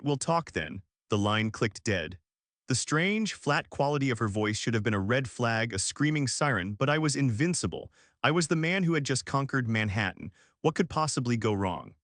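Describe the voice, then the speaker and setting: A man in his forties reading a first-person story as narrator, with a smooth and even delivery. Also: mid-range voice, no room sound, clean studio sound. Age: 40s.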